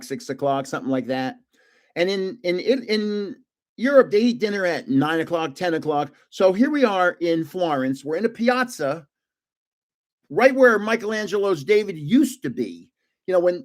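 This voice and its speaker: Older New man, rambling and high-voiced. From New Jersey. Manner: rambling, with frequent restarts and trailing asides. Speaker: live stream host. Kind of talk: casual storytelling.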